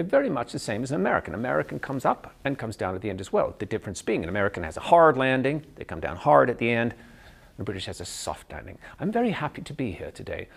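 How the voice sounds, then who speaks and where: A Canadian man teaches an accent tutorial as a dialect coach, with a lively, rising and falling delivery. His voice is gravelly and husky. He explains each point step by step and breaks off to demonstrate sounds. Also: mid-range voice.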